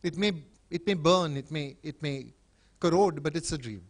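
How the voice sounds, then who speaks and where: Older man, from Bombay, high voice, wry, emphatic, public talk, dry close sound. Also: moderate pace, no echo. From Bombay, India. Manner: expressive, wry and emphatic, with sudden swings in loudness and pitch. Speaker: teacher and writer speaking at a book event.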